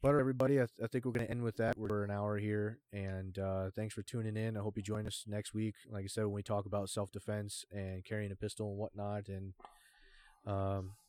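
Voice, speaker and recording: Low-voiced, blunt, swearing podcast host. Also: male voice, level tone, brisk, darkish tone, dry recording. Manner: blunt, swears a lot, many fillers. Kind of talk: casual podcast chat.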